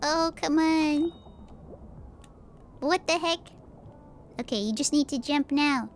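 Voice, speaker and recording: A woman's voice: sits high, takes it slowly, a little hiss or hum. A woman streaming games, giving playful running commentary and laughing often. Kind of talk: live-streamed gameplay commentary.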